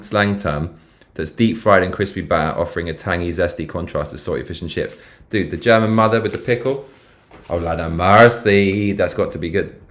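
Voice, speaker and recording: A man with a British accent chatting casually on a live stream, swearing freely and reacting aloud as he reads. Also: sits low. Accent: British English. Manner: swearing, excitable, reacting aloud while reading.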